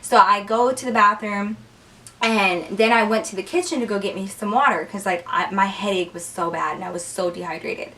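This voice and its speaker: A young woman telling a story in a casual, animated way, cursing freely and saying "like" a lot. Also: mid-range voice, moderate pace, far from the mic. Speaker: vlogger.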